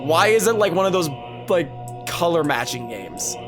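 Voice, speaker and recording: Excitable streamer over game music. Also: mid-range voice, normal speed. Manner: excitable, reacts loudly, swears. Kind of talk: casual gameplay commentary.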